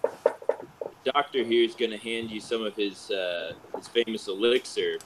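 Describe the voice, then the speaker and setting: A man in a tabletop game who lays out a plan in a relaxed, hesitant voice. His voice runs low, with clear background noise and clicks around it. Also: unhurried. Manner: laid-back, plotting, hesitant. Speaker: player. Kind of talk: casual tabletop role-play.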